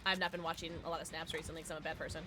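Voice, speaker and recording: A woman's voice: sits low, flat delivery, very fast, sharp tone, a little hiss or hum. A young woman streaming a game, chatting casually and giggly with her viewers. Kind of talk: casual gaming stream chat.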